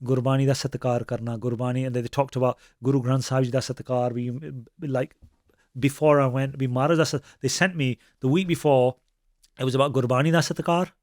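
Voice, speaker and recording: A man's voice: medium pitch, steady tone, fairly quick, a little mellow, no room sound, studio quality. A man, a Sikh preacher telling stories in conversation and mixing Punjabi phrases into his with frequent restarts. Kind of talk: conversational storytelling.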